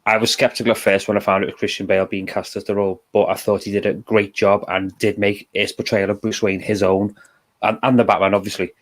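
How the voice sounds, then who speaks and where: A young man with a Liverpool accent, co-hosting a casual film discussion and explaining his views in a measured, thoughtful way. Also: lowish voice, level tone. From England. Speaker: co-host.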